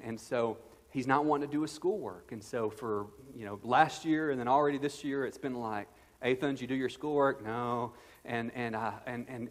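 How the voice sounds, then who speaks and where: A man in his thirties preaching a sermon as pastor, earnest and conversational with playful asides. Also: mid-range voice. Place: church sanctuary. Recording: long reverb of a church hall.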